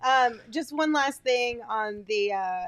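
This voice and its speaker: A woman co-hosting a casual sports podcast, upbeat and quick to laugh, reading sponsor spots smoothly. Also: a little high. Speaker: podcast co-host.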